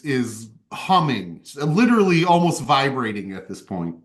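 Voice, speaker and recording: A man playing his character in a tabletop game, animated and stammering as he talks in character. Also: mid-range voice, a little slow, hardly any pauses. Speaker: player.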